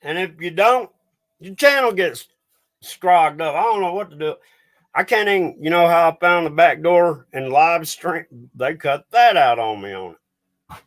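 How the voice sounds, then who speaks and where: A man's voice: on the high side, animated, measured pace. A man hosting a livestream and ranting angrily, swearing and getting agitated as he talks to his viewers. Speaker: livestream host.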